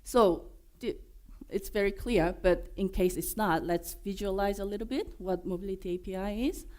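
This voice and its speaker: A woman with a Korean accent presenting at a developer conference, her voice hoarse from being unwell, joking and filling pauses with many fillers and restarts. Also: mid-range voice, dark tone. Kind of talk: conference talk. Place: conference room.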